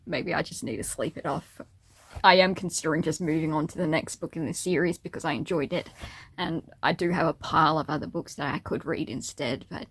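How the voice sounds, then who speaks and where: A woman's voice: low-pitched, brisk, husky. Young woman, casual vlog chat, rambling, laughs at herself, slightly teary. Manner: rambling, self-amused, giggly. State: teary and emotional. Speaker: vlogger.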